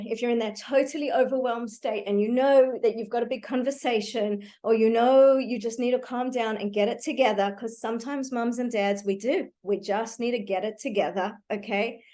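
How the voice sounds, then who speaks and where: A woman giving a live online talk to parents, teaching calming techniques in a warm, reassuring way and checking in often with "okay". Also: a little high. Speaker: parenting educator. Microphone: computer mic on a video call.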